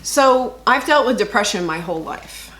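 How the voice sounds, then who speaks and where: A woman's voice: on the high side, expressive, moderate pace, fairly bright tone, echoey room. A woman co-hosting a podcast, explaining herself in an earnest way in casual chat. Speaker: podcast co-host.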